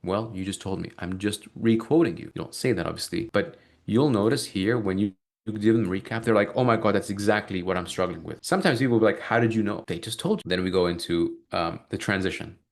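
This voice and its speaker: A man coaching a live sales training on a video call, talking fast and energetically and acting out sales conversations. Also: fairly low pitch, gravelly.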